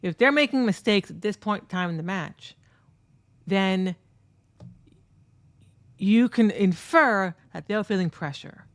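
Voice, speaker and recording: A woman giving excitable, profane commentary over footage of her own fighting game matches and talking straight to viewers. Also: medium pitch, measured pace, long pauses, dry recording. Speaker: competitive fighting game player. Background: faint background music.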